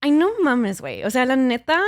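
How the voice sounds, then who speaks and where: A woman's voice: high voice, sing-song, brisk, dry recording, studio quality, voice pushed up. A woman doing an exaggerated impression of a young Mexican speaker with a Mexican Spanish accent, full of casual slang. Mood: playful. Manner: playful, exaggerated slang imitation.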